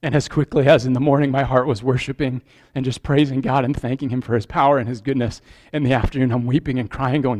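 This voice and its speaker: A man's voice: medium pitch, fairly even intonation, fast, a little mellow. A man preaching a sermon as pastor, speaking in an earnest, conversational way and checking in with the congregation with questions.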